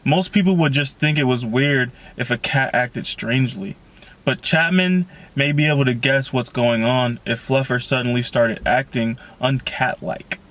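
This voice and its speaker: A man's voice: medium pitch, moderate pace, fairly bright tone, close to an everyday voice. A man reading the lines of a thoughtful, careful teenage girl from a novel.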